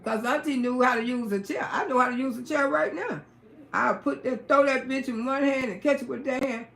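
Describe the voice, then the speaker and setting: A middle-aged woman hosting a livestream, telling stories in a brash, profane, casual way and breaking into loud exclamations. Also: high-pitched, a little fast, vocal fry. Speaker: livestream host. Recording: roomy echoey room.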